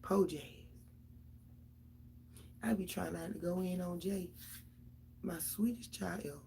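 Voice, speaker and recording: A woman's voice: lowish voice, slow pace, gravelly, dark tone, slight background noise. A middle-aged mother, venting casually and profanely straight to her viewers about her kids.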